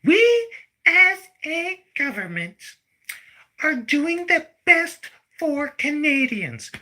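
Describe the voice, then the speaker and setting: A man putting on a mocking impression of a prim female politician, speaking slowly and talking down as if to children. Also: very high voice, big pitch swings, sharp tone, voice pushed up, exaggerated voice. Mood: mocking, condescending. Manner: slow, drawn-out, talking down as if to children. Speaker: vlogger.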